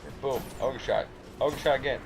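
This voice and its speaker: A man's voice: medium pitch, steady tone, moderate pace, over music, poor audio. A man giving a casual, rambling play-by-play commentary over his own gameplay footage. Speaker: gamer, channel host. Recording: game sounds behind the voice.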